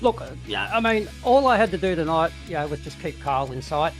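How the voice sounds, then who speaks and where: A man's voice: a little high, very animated, fast, soft background music, poor audio. A tired Australian man, a racing champion chatting easygoing and hesitant after a race. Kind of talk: casual post-race chat.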